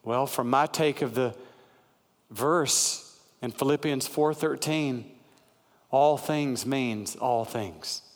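A man preaching a sermon, slow and emphatic, repeating key phrases. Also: mid-range voice. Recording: long hall reverb.

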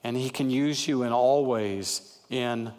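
Slow, emphatic male preacher in a hall. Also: medium pitch, a little mellow. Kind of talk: sermon. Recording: long hall reverb.

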